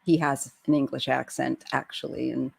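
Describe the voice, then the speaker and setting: A woman's voice: a bass voice, level tone, moderate pace, gravelly, breathy edge. A woman in her fifties hosting a live-stream chat from home, talking casually and restarting her sentences often. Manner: chatty, trailing off and restarting. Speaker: tarot channel host.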